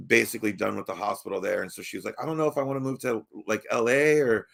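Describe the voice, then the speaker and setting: A man's voice: lowish voice, fairly even intonation, fast talker, vocal fry, fairly bright tone. A man from Baltimore telling a long, rambling story on a podcast, swearing, laughing and restarting sentences often. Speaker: podcast host. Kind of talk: casual storytelling chat.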